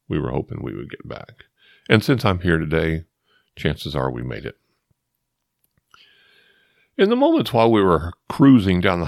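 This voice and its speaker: A man's voice: low voice, creaky, no room sound, clean studio sound. A middle-aged man hosting a storytelling podcast, rambling through digressions and addressing listeners as folks. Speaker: podcast host.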